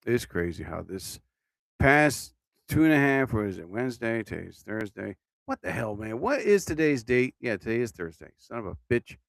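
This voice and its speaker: A man's voice: medium pitch, very animated, moderate pace, gravelly, dry recording. Sleepy, rambling man. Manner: drowsy, yawning, meandering talk. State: tired and yawning. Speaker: podcast host. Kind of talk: rambling casual livestream chat.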